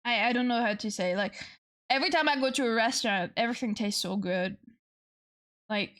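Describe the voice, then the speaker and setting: A woman's voice: on the high side, fairly quick, a bit bright. A young woman from France, chatting casually with viewers on a livestream, playful and swearing freely. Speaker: streamer.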